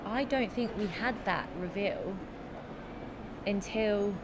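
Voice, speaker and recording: A woman's voice: mid-range voice, slow pace, noisy background. Giggly woman telling backstage stories. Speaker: musical theatre actress, guest. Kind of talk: casual chat. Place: theatre venue.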